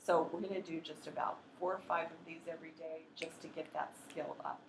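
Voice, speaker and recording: A woman training teachers in a workshop, explaining in a practical, chatty way and slowly sounding out words to demonstrate. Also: low voice, fairly even intonation, vocal fry, echoey room, noisy background. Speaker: literacy educator training teachers.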